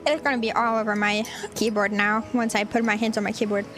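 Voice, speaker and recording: A woman's voice: medium pitch, flat delivery, fast, a bit bright, faint music behind. A woman VTuber streamer chatting casually with viewers while she eats, giggly and rambling. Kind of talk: casual livestream chat.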